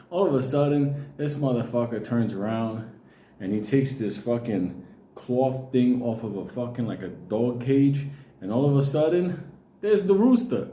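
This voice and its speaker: A man telling a profane, animated comic story, acting out the voices of the people in it. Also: medium pitch, normal speed, roomy sound. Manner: animated, swears constantly, acts out voices.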